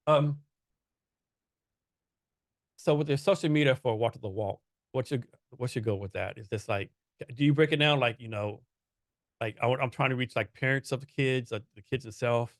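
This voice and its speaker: A man's voice: medium pitch, normal speed, pauses often, dry recording, clean studio sound. A man hosting a casual interview podcast, asking meandering questions full of fillers. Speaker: podcast host.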